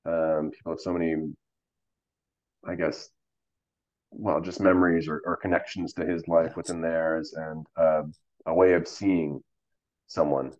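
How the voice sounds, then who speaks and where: A man with a very low voice, speaking as an actor guest in a relaxed interview. He tells stories animatedly, with lots of fillers, and acts out the dialogue he quotes. The recording is muffled and lo-fi. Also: a little slow, pauses often. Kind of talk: casual storytelling interview.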